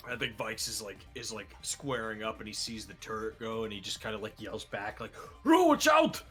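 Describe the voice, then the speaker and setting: A man playing in a tabletop game, playful and quick to laugh, often repeating words as he thinks. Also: fairly low pitch, little pitch movement, bright, forceful tone, faint music behind. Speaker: player. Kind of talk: casual tabletop play.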